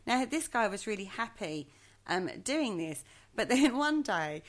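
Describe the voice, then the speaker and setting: A woman co-hosting a podcast recounts a legend in a chatty, hesitant way, teasing herself about her own pronunciation during the casual storytelling chat. Her voice sits on the high side, very animated, at a measured pace.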